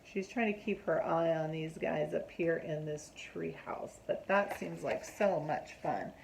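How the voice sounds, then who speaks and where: A woman reading a picture book aloud to children in an animated way, stopping to ask them questions. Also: sits low, unhurried, vocal fry, a little hiss or hum, low-quality recording.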